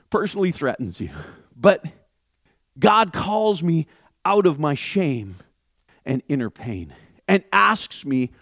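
A man preaching a sermon as a pastor, repeating phrases and building to impassioned shouts. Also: fairly high pitch, big pitch swings, a little slow, gravelly, no echo, clean studio sound.

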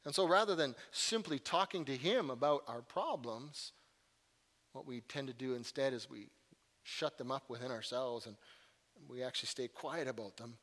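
A man's voice: mid-range voice, moderate pace, fairly bright tone, in a large hall. A man preaching a sermon in an earnest way, often repeating words and telling stories with animation.

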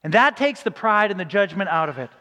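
A man's voice: high voice, very animated, fast talker, bright, forceful tone, long reverb tail. A man preaching a sermon in a conversational way, acting out quoted reactions. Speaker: pastor.

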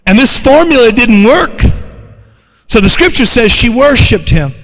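A man preaching a sermon, animated and calling out to his congregation to respond. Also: extremely high pitch, unhurried. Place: church sanctuary. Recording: long hall reverb.

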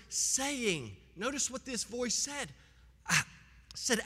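Male pastor, high bright voice, emphatic sermon delivery, church hall reverb. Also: animated, unhurried. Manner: emphatic preaching with rising and falling delivery. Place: church sanctuary.

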